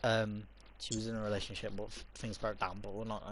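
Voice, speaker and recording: A man's voice: fairly low pitch, a little fast, slight background noise. A young man, co-hosting a casual podcast chat and telling funny stories with laughter. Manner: animated, laughing storyteller. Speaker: podcast co-host.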